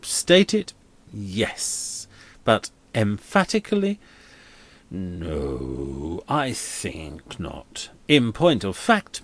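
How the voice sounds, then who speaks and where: A man doing a smooth evasive old dean. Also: on the low side, heavily acted. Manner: smooth, confidential, hedging. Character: smooth evasive older male church dean.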